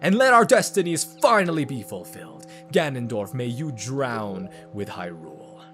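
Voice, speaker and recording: A man voicing an older male king in a video game, speaking in loud, raised declarations. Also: mid-range voice, very animated, moderate pace, music in the background, natural voice. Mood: resolute.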